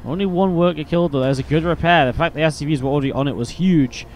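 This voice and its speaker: A man's voice: fairly high pitch, fast, a little mellow, slight background noise. A man with an English accent casting a live strategy game match, mixing play-by-play calls with chatty asides. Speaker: esports caster.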